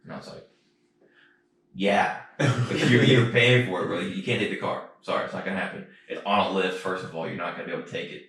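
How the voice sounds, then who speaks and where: Deep-voiced man telling a rowdy story. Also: fairly quick, creaky. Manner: animated, profane storytelling. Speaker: podcast co-host. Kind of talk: casual storytelling chat. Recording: roomy echo, distant mic.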